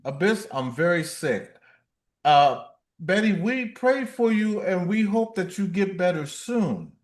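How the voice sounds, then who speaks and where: A man's voice: high voice, expressive, takes it slowly, a faint crowd. A man hosting a casual livestream, playful and reading viewer comments aloud. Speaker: livestream host.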